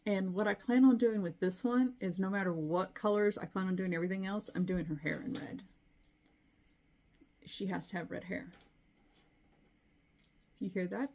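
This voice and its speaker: A woman's voice: mid-range voice, darkish tone. A middle-aged woman chatting casually to camera as a cross-stitch vlogger, rambling with frequent asides. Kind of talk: casual chat.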